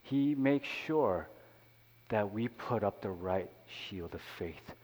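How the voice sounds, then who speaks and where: A man's voice: fairly low pitch, animated, takes it slowly, a little mellow. A man, a pastor, preaching a sermon in a conversational way, with many "you know" asides. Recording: long hall reverb.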